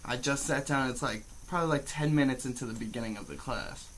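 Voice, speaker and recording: A man's voice: medium pitch, quick pace, slight background noise, poor audio. A young man telling a rambling story in casual chat, swearing and saying "like" a lot. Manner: bursts into loud laughing shouts. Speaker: co-host.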